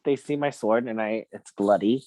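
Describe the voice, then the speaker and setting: A man's voice: on the low side, normal speed, dark tone, dry recording. A man in a past-life regression session, casually recounting what he sees. He laughs often and acts out the people he quotes. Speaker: regression client.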